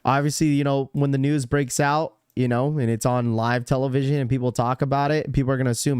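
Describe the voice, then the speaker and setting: A man's voice: medium pitch, little pitch movement, fast, hardly any pauses, darkish tone, clean tone, no echo, studio quality. Chatty young man rambling on a livestream. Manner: rambling, repeats himself, lots of "you know" fillers. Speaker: livestream host. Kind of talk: casual livestream chat, reading chat messages aloud.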